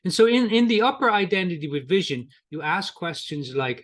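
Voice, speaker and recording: A middle-aged coaching trainer teaches a lesson conversationally, role-playing both coach and client in short quoted exchanges, with repetitions and restarts. His voice is a little high and fairly bright, at normal speed with hardly any pauses.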